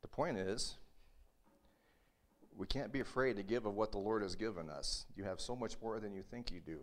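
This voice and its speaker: A man's voice: on the low side, normal speed. A male pastor preaching a sermon in a conversational, storytelling way with humorous asides.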